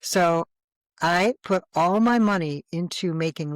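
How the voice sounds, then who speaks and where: A woman guest in an interview, telling her personal story in a lively, animated way. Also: on the low side, a little slow, dry recording.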